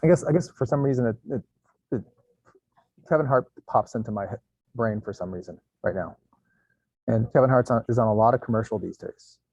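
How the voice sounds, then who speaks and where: A man leads a casual panel discussion, his voice dark and a little husky. He searches for words and restarts his sentences. The sound is muffled and dry. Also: medium pitch, a little fast, pauses often, no room sound. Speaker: panel moderator and company co-founder.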